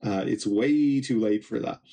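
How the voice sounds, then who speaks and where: A scheming comic villain, read aloud by a man, talks in a mocking, scornful tone. His voice sits in an ordinary middle pitch. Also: measured pace, creaky, warm tone. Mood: sneering. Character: scheming, sneering adult male villain.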